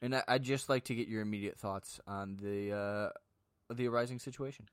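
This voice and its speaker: A man's voice: on the low side, steady tone, moderate pace, clean tone, dry recording, studio quality. A man hosting a casual sports podcast, playfully needling his co-host in a mock-formal way.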